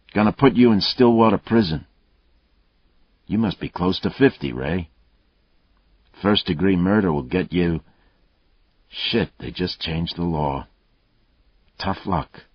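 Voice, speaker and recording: A man reading a story, voicing a veteran police detective who talks calmly in clipped, needling lines. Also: sits low, takes it slowly, pauses often, slightly rough, no echo, voice pushed up, full character voice. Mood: taunting. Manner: taunting, calm, clipped threats. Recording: dull, muffled dry audio.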